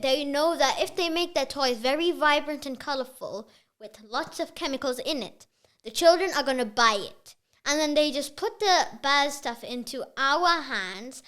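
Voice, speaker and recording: A woman's voice: high-pitched, a bit bright. A young girl being interviewed about her podcast, talking earnestly with many fillers. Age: child. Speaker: podcast guest. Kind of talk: casual interview chat.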